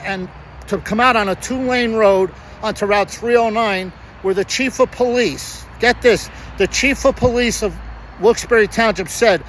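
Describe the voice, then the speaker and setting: A man's voice: high-pitched, fairly bright tone, slight background noise, low-quality recording. A man, ranting as a citizen reporter in an agitated, rambling, repetitive vlog, recorded outdoors near a road. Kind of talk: angry vlog rant.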